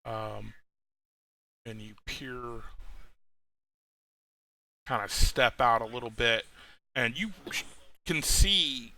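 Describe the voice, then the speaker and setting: A man's voice: medium pitch, very slow, long pauses, pushed and bright, no echo. A man narrating as game master of a tabletop game, rambling, with many fillers and restarts.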